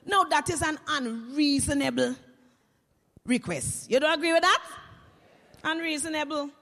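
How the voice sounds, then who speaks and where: A woman with a Caribbean Creole accent telling comic stories to an audience in a lively, chatty way, heard with long hall reverb. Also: high voice, measured pace. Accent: Caribbean English Creole. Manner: lively, chatty, swings between voices. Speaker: storyteller.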